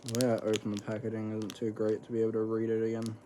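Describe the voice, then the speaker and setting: A man's voice: fairly low pitch, completely flat delivery, fast talker, dark tone, slight background noise. A young man, chatting casually in a rambling, slangy vlog while snacking, swearing freely. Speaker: vlogger. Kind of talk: casual eating vlog chat.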